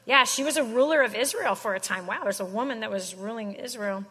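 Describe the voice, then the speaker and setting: A woman's voice: a little high, a little fast, bright, forceful tone, husky, in a large hall. A woman giving a casual, slangy sermon, telling stories in a chatty way. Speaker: Christian speaker.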